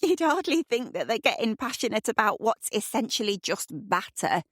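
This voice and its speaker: A woman voicing a wry, playful young woman who delivers quick quips. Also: a little high, very animated, fairly bright tone, no room sound, clean studio sound, pitched above the performer's own voice.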